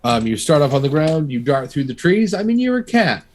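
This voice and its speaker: A man's voice: fairly high pitch, a little fast, a little hiss or hum. A man narrating as game master, talking loosely with many restarts and fillers. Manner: relaxed, filler-heavy narration with frequent restarts.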